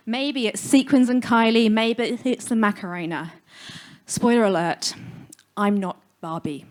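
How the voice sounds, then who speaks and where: Brief: woman, funeral celebrant, speaking frankly and with humor at a live talk on stage. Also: mid-range voice. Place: live music venue stage.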